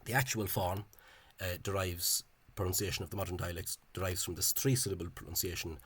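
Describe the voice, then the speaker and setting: A man giving an informal spoken lecture over on-screen examples. He talks in a halting, hesitant way and is openly scornful of the official spelling. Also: deep voice, fairly even intonation, a bit bright, slightly rough. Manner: hesitant and halting, with frequent pauses and restarts. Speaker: language enthusiast presenting a video lecture.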